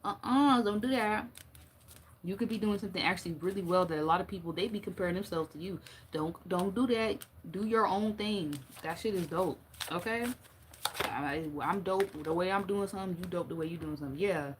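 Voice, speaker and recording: A woman's voice: lowish voice, fairly quick, a little hiss or hum. A young woman giving a casual tarot reading, blunt and profane, joking and laughing often as she talks. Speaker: tarot reader.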